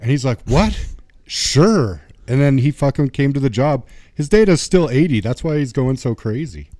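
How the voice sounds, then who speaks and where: A man's voice: mid-range voice, lively intonation, dark tone, dry recording. Dry close-miked sarcastic man. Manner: sarcastic, quick asides. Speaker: podcast co-host. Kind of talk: casual chat.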